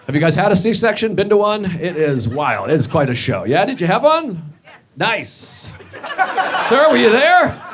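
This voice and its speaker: A man doing a stand-up set, rambling and self-deprecating, with sudden shouted bits. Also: high-pitched, very animated, a little slow. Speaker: stand-up comedian. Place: comedy stage. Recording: played clip with audience noise.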